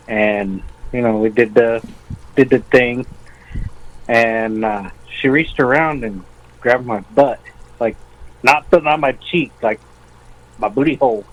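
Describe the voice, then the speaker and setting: A man calling in to an advice show, telling his story in a halting, deadpan way. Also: mid-range voice, lo-fi sound. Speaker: caller. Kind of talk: prank call-in chat.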